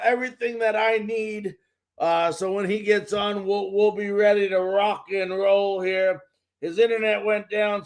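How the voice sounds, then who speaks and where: A man with a strikingly high voice hosts a live sports talk show. He talks in a fired-up, ranting way and repeats words to drive his points home.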